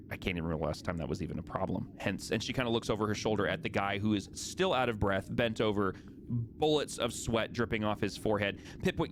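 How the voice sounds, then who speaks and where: A man's voice: lowish voice, noisy background. A man narrating as a tabletop game master in a casual, descriptive way.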